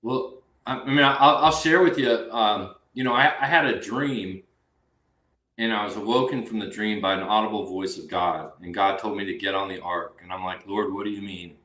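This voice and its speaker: A man's voice: on the low side, fairly even intonation, normal speed, bright, forceful tone. Eager host man in a roomy room. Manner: eager, sharing a personal testimony. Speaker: podcast host. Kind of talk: casual interview chat.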